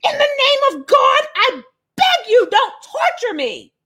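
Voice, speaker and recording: A woman voicing a shrieking legion of evil spirits, high and strained. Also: wildly swooping pitch, unhurried, sharp tone, heavily acted. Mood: pleading.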